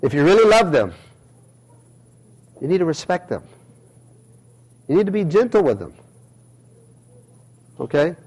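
A man's voice: on the high side, big pitch swings, measured pace, long pauses, darkish tone, husky, rough recording. A middle-aged male pastor giving a conversational sermon, acting out everyday quotes as he preaches.

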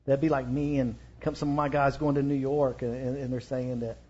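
A man's voice: medium pitch, little pitch movement, a little fast, mellow. A man with a Texan accent preaching a sermon in a casual, conversational way, using slang and fillers. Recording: dull lo-fi recording.

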